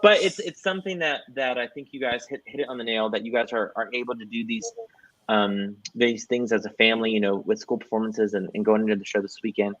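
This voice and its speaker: A man's voice: on the low side, fairly even intonation, fast talker, a bit bright, no room sound, muffled recording. A man hosting a casual livestream interview, upbeat and rambling, chuckling often as he promotes upcoming shows. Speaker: host.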